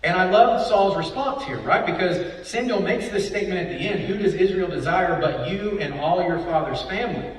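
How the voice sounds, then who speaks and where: Preaching a Bible study sermon in a church hall, a man with a high, animated voice talks at normal speed with hardly any pauses. He leans on rhetorical questions and frequent "right?"s, captured from a distance in an echoey room.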